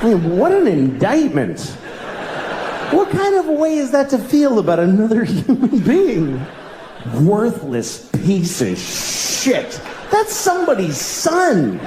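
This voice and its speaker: A man performing a stand-up comedy routine for a live audience, exasperated, swinging from a low mutter to yelled punchlines. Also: wildly swooping pitch, unhurried, background noise. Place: large hall with live audience. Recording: roomy live hall, audience laughter.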